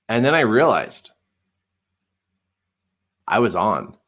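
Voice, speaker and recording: A middle-aged man telling a story in a coaching webinar, animated and often laughing. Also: a little high, slow pace, pauses often.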